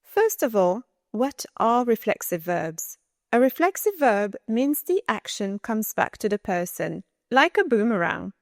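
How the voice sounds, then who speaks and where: Woman, language teacher, upbeat coaching, slow and clear, slightly high voice, dry close recording. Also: very animated, no room sound. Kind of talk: scripted lesson narration.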